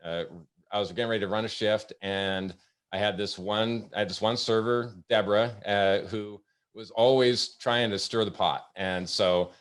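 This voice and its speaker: A man with a very low, deep voice hosts a casual webinar. He tells work stories at an easygoing pace, pausing often with ums and uhs, speaking over what sounds like a video call. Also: fairly even intonation, clean tone. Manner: storytelling, halting with many fillers. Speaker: host. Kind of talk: casual webinar talk with anecdotes.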